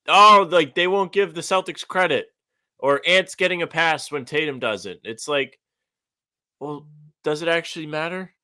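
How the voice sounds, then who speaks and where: A man's voice: on the high side, sharp tone. A young man co-hosting a podcast, chatting loosely with lots of "like" and restarts. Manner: loose, filler-heavy, lots of "like". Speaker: podcast co-host. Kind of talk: casual chat.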